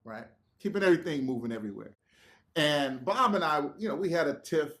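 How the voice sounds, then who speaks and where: A man tells a work story as a podcast guest, his voice sitting a little high. He is animated, acts out what others said, laughs and swears. The talk is loose and conversational. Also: brisk. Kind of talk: casual storytelling.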